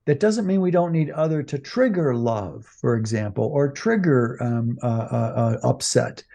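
A man's voice: medium pitch, lively intonation, measured pace, vocal fry, dark tone. A man co-hosting a podcast, talking casually with many fillers and restarts. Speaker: podcast co-host.

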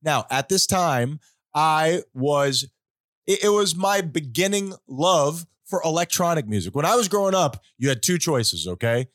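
A man hosting a podcast, telling a rambling story in casual chat with animated, joking asides. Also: a little high, measured pace, no echo, studio quality. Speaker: podcast host.

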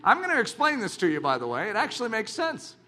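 A man preaching a sermon as a pastor, talking in an animated, dramatic way with bursts of shouting. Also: high voice, fast.

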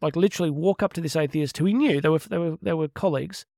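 A man's voice: a little high, fast talker, creaky, warm tone, no room sound, studio quality. A middle-aged man hosting a podcast, talking in an earnest, chatty way with laughs and asides. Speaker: podcast host and Catholic speaker. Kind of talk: casual heartfelt podcast monologue.

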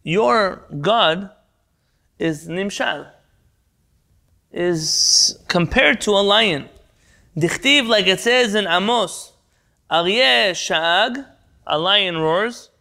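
A man's voice: high-pitched, extremely slow, creaky, long pauses, pushed and bright. A man teaching a Talmud class over a video call, translating Hebrew terms, quizzing the class and jumping between points. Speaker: Torah teacher.

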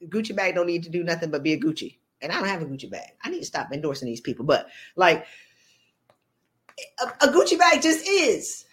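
A woman hosting a podcast, giving a motivational talk in an animated, playful, colloquial way. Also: fairly low pitch, brisk. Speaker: podcast host.

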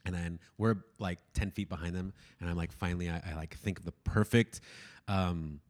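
A man's voice: low-pitched, moderate pace. A young man co-hosting a casual podcast, telling a story and acting out the voices of the people in it. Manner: animated, acts out quoted voices, laughs often. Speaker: podcast co-host.

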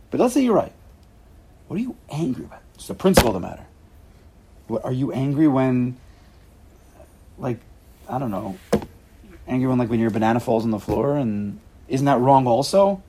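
Gravelly man teaching an informal class. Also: mid-range voice, background noise. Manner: animated, acts out quotes with sudden loud rises.

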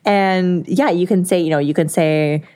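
A woman's voice: on the low side, moderate pace, mellow. A young woman co-hosting a podcast in casual chat, giggling often as she talks. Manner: giggly, laughs often mid-sentence. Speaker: podcast co-host.

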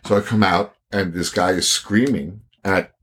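A man telling a long, profane story in casual chat, loud and animated. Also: deep voice, moderate pace, slight background noise. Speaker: podcast co-host.

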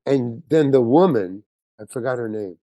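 A man's voice: mid-range voice, moderate pace, no echo. An older man, a guest actor on an interview show, telling a long anecdote and acting out the voices of the people in it. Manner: animated storyteller acting out quotes.

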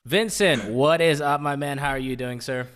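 A man's voice: fairly high pitch, moderate pace, fairly bright tone, big-room sound. A man hosting a casual podcast, hyped and joking, firing off teasing questions at his guests. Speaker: podcast host. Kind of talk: casual chat.

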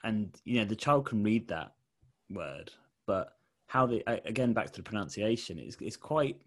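A man's voice: on the low side, animated, normal speed. A middle-aged man with a Portsmouth accent interviewing a guest, asking hesitant, self-correcting questions. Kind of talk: conversational interview.

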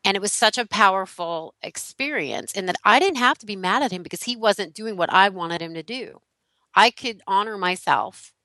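Bright, lively woman telling a story. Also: mid-range voice, normal speed, no echo, poor audio. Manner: animated, laughing, acts out quotes. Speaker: guest, relationship teacher. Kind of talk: storytelling in a podcast interview.

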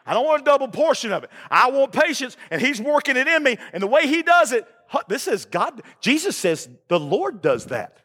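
A pastor preaches in a high, bright, forceful voice, folksy and emphatic. His words ring out with a long reverb through a church sanctuary. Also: very animated, a little fast, hardly any pauses, slightly rough. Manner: folksy, emphatic preaching with call-and-response asides. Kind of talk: sermon.

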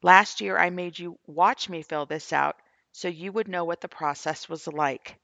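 A middle-aged woman reads her journal entries aloud with earnest, searching sincerity. Her voice is gravelly with plenty of fry, and the recording is dry and close with no room sound. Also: lowish voice, a little slow, sharp tone, dry recording, muffled recording. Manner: earnest, questioning, heartfelt. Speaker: grieving mother sharing her faith testimony. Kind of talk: reading her own journal posts aloud.

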